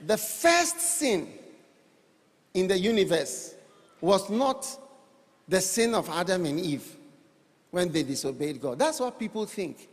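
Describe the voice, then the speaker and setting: A man's voice: sits high, slow pace, long pauses. Male pastor preaching, playful questions to the crowd, long reverby church sound. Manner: animated, rhetorical, teasing the congregation. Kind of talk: sermon. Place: church hall.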